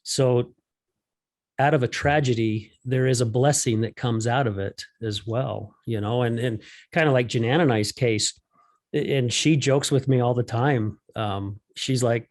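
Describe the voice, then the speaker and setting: A man's voice: mid-range voice, expressive, measured pace. A man hosting a podcast, talking conversationally and often saying "you know". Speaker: podcast host. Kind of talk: casual chat.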